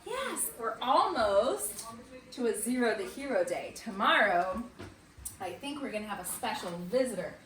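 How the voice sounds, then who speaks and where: A woman teaching kindergarten and first graders in an online morning meeting, slow and sing-song. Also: a little high, very animated, a bit bright, echoey room, recorded from a distance, slight background noise. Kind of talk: remote morning meeting lesson. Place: at home or classroom on camera.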